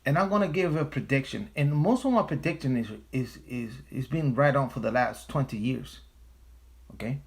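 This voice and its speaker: A man's voice: mid-range voice, moderate pace, gravelly. A man hosting a casual livestream, talking in an emphatic, profane way and repeating his phrases for stress. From United States. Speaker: livestream host.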